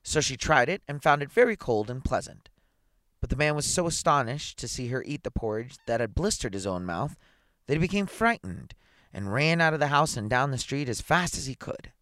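A man reading a children's story aloud, playful and expressive, with chatty asides. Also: mid-range voice, moderate pace, no room sound, studio quality.

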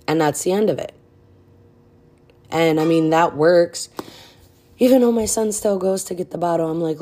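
A woman with a low, dark, mellow voice gives casual podcast advice, frank and direct with plenty of fillers. She sounds out of breath the whole time. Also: normal speed. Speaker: podcast host.

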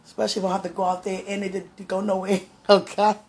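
A woman giving a fervent, emotional prayer and encouragement talk in a gravelly, sometimes hoarse voice, recorded at home. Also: mid-range voice, flat delivery, fast, a little mellow. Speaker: spiritual vlogger.

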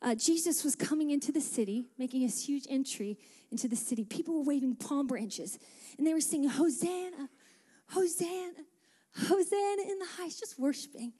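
A woman's voice: high-pitched, fairly quick, mellow, husky, long reverb tail. A woman pastor preaching a sermon in a church and calling out for responses from the congregation. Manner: passionate preaching with call-and-response. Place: church sanctuary.

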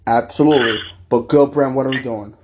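A man's voice: mid-range voice, brisk, very noisy. Man ranting angrily on a podcast. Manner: angry, repetitive, profane ranting. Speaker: podcast host. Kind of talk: ranting sports podcast talk.

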